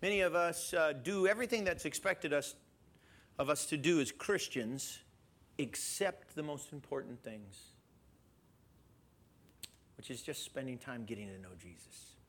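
A man preaching a sermon in an animated way, questioning his listeners and chuckling as he goes. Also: on the high side, a little slow, long pauses. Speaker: pastor.

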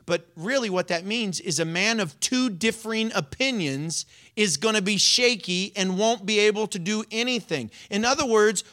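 A pastor giving a sermon in a playful, animated way, often breaking into laughter while explaining scripture. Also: medium pitch, normal speed, few pauses.

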